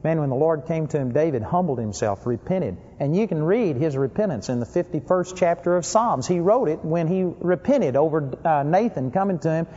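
A man delivering a sermon with a fairly high voice that punches key words and then drops low. The recording is dull and lo-fi, with a long reverb trailing off as if in a large hall. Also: animated, moderate pace, hardly any pauses. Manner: emphatic, swings between loud stress and low asides. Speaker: preacher.

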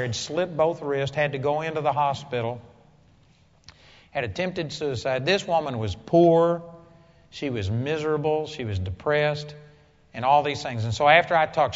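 A man preaching a sermon with a blunt, emphatic delivery that builds to loud exclamations, in a dull, echoey hall recording. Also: mid-range voice.

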